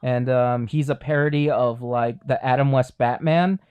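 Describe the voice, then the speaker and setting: A man's voice: mid-range voice, fairly even intonation, normal speed, a little mellow, clear, resonant tone. A man co-hosting a podcast, talking casually from the United States with a rambling, filler-heavy delivery. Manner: rambling, many fillers and restarts. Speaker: podcast co-host. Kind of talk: casual chat.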